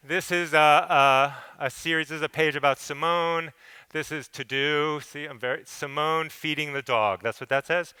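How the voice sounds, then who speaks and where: Middle-aged man, photographer telling stage stories, bright and clear, casual and salty. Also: on the high side. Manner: loose, conversational, swears and acts out quotes. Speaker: photographer giving an artist talk. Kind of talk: casual storytelling talk. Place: theater stage.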